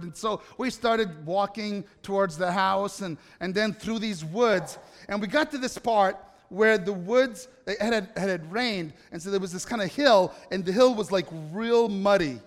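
In a reverberant hall, a man tells a personal story to a live audience in a chatty, conversational way, often stopping to ask the listeners questions. His voice is high-pitched, with lively intonation and a measured pace.

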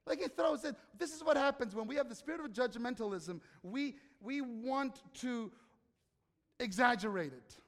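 A man's voice: very high voice, animated, normal speed. A man preaching a sermon in a conversational way, asking the audience questions and acting out quotes. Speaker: pastor. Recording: long hall reverb.

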